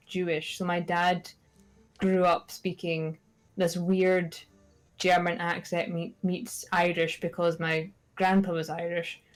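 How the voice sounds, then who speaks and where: A woman's voice: lowish voice, darkish tone. A woman co-hosting a charity stream, telling stories in casual chat. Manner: chatty storyteller.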